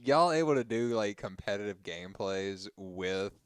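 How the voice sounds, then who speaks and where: A man's voice: lowish voice, animated, moderate pace, smooth, no room sound, clean studio sound. A man co-casting a college esports match, easygoing and chiming in with short reactions. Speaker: co-caster. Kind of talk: live esports commentary.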